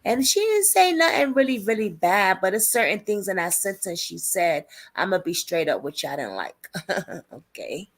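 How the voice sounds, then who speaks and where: A woman hosts a relaxed live stream, talking straight to her viewers in informal, slangy speech. She reads their comments aloud and answers them, in a voice of middle pitch. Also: normal speed. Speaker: livestream host covering a criminal case.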